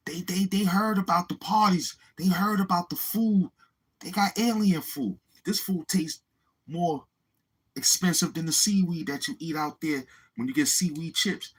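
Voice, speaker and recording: A man's voice: sits high, unhurried, breathy edge, rough recording. A man chatting casually on his livestream, rambling and swearing as he talks straight to his viewers. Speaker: YouTube livestreamer.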